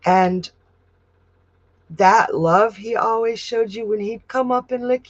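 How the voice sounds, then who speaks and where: A woman working as a psychic medium who gives tarot readings on a livestream and reads viewer comments aloud in a gentle, comforting way. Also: a little high, takes it slowly, pauses often, no room sound, muffled recording.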